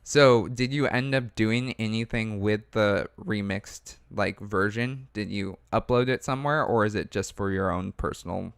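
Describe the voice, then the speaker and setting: A man's voice: lowish voice, unhurried, vocal fry, hardly any pauses, smooth, dry recording, clean studio sound. A man co-hosting a gaming livestream, casually chatting and reading viewer messages aloud, often trailing off.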